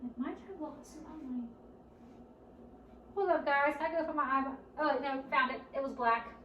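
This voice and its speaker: A woman leading a children's storytime at a library, speaking slowly and encouragingly and asking the children questions as she goes. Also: sits high, fairly bright tone, dull audio, slight background noise. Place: library room. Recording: roomy, distant camera audio.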